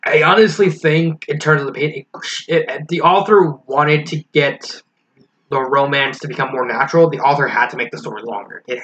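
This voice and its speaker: A man's voice: a little high, fairly quick, a bit bright. A man giving a casual spoken review of a fan story, frank and critical, thinking aloud as he goes. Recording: slightly dull lo-fi recording with faint hiss.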